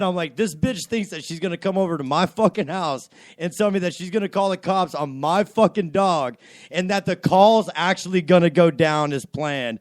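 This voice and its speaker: A young man hosts an internet radio show from a home studio, with a fairly high voice and a dry, close sound. He tells a story full of cursing and gets visibly worked up as he goes. The talk is loose and full of laughs. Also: dry recording. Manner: profane, animated storytelling with laughs. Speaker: podcast host. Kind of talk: crude casual radio banter.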